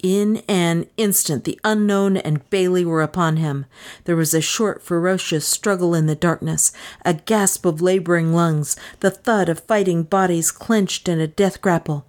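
A woman narrating a mystery novel aloud in a measured, unhurried reading, voicing the characters' lines. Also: on the low side, fairly even intonation, darkish tone. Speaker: audiobook narrator. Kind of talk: scripted narration.

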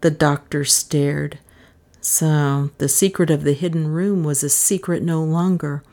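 A woman reading a mystery novel aloud, expressive and rising in pitch at tense moments. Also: a little slow. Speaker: audiobook narrator. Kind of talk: dramatic audiobook narration.

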